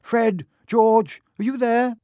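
A man's voice: high-pitched, animated, takes it slowly, dark tone, clean tone, no echo, studio quality, voice pushed up. A man doing a fussing motherly woman.

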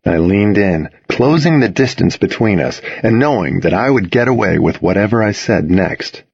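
A man narrating a first-person novel as an audiobook, in a measured storytelling manner. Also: on the low side, expressive, creaky, a little mellow, slightly rough, no room sound, highs cut off.

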